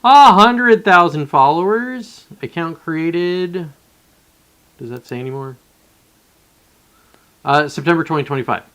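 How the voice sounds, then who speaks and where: A man's voice: a little high, measured pace, pauses often, fairly bright tone. A man talking casually on a live stream, rambling and profane, often breaking off mid-sentence and restarting. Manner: rambling and profane, with many self-interruptions. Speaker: livestreamer.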